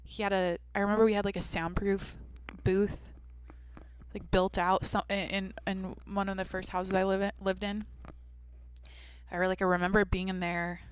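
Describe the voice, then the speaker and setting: A woman's voice: medium pitch, level tone, moderate pace, clear, resonant tone, dry recording. A woman in her twenties hosting a solo podcast, rambling candidly and swearing casually into a microphone in a small home studio. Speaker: podcast host.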